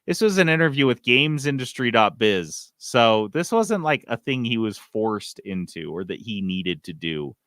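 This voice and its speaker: A male podcast co-host rants in casual chat, his pitch swinging widely as he swears and jokes. The sound is dry and close. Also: moderate pace, few pauses, dry recording. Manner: animated, swearing, ranting.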